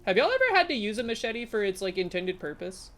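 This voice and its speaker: A woman's voice: mid-range voice, sing-song, quick pace, a bit bright, soft background music. A woman streamer giving casual live commentary on a game, chatty and talking to her viewers, with sudden startled exclamations. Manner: chatty, talks to chat, jumpy exclamations.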